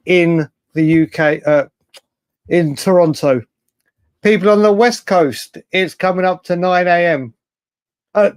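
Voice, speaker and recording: A man hosting a late-night fan livestream, chatting excitably and reading out viewer comments. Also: a little high, dry recording. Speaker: livestream host.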